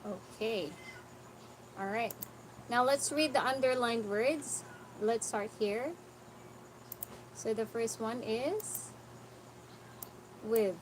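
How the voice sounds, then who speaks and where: Slow-paced patient woman tutor. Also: a little high, rough recording. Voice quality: patient, corrective, repeats words slowly for the student. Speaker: English tutor. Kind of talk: online pronunciation lesson. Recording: noticeable background noise.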